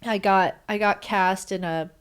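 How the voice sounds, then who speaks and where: A woman's voice: medium pitch, fairly even intonation, a little slow, clear, resonant tone. A woman in her thirties, a podcast guest talking casually with many fillers and frequent laughs. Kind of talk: casual interview chat.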